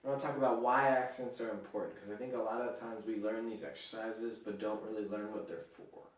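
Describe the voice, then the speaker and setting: A man teaching snare drum in a relaxed, casual way, counting beats aloud with frequent fillers. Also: fairly low pitch, a little fast. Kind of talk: casual instructional talk. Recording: echoey room, distant from the mic.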